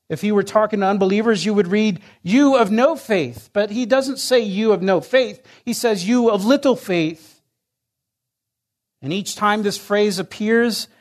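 A man preaching a sermon in an earnest way, rising in force and then sinking to hushed lines. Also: high-pitched. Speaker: pastor.

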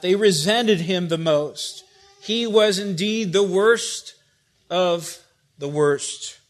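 High-voiced man preaching a sermon. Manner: expressive, rhetorical questions, wide swings in loudness.

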